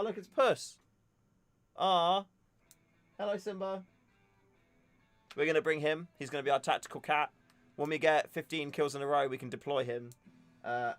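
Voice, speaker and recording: A young man hosting a casual livestream, chatting and joking in a rambling way. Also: medium pitch. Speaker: livestream host. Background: faint music.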